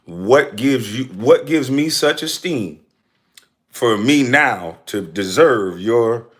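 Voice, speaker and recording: A man's voice: medium pitch, lively intonation, takes it slowly. A man delivering an angry, profane rant straight to the camera, calling out critics in a heated, confrontational way. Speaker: commentator answering critics.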